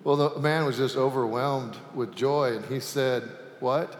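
A man's voice: medium pitch, fairly even intonation, measured pace, slight background noise. A male pastor preaching a sermon in a church sanctuary, telling a folksy joke-filled story. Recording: echoey sanctuary with long reverb.

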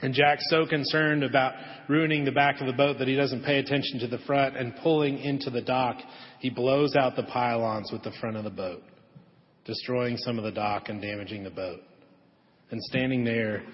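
A man preaching a sermon in a church sanctuary, telling a story gently and dropping to a soft hush on the key lines. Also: medium pitch, fairly even intonation, moderate pace. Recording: echoey hall, dull lo-fi audio.

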